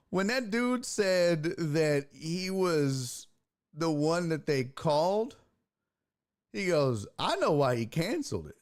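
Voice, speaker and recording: Animated, profane male storyteller. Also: fairly high pitch, measured pace. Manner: animated, profane, acts out voices in his anecdotes. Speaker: sports podcast host. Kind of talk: casual storytelling.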